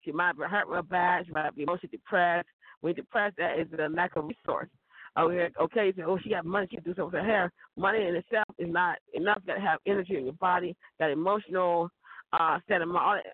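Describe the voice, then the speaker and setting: A woman with a cold, sounding hoarse, chatting in a rambling casual monologue. She repeats words and chuckles often. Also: on the low side, fast, no room sound. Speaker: vlogger. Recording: tinny phone-like dry recording.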